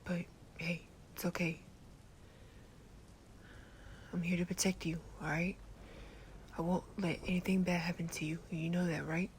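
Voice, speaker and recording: A woman voicing a protective, sleepy teenage boy in a gentle, laid-back whispered role-play. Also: lowish voice, little pitch movement, a little fast, a little hiss or hum, close to an everyday voice. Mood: soothing. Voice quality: soft whisper. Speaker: ASMR creator.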